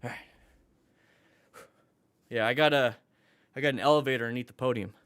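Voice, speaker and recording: A man's voice: mid-range voice, steady tone, a little fast, a bit bright, clear, resonant tone, no room sound. A man teaching a live-streamed motorcycle class, joking with viewers and coaching in an upbeat way. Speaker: motorcycle riding instructor. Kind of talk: live-streamed class reviewing riding videos.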